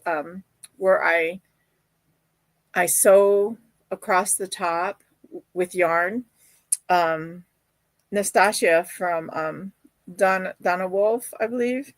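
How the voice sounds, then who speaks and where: A woman's voice: mid-range voice, slow, long pauses, dry recording. A woman hosting a crochet live stream, chatting casually, reading viewer comments and telling stories with many fillers. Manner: chatty and storytelling, with quoted voices and fillers. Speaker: crochet livestream host. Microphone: streaming setup.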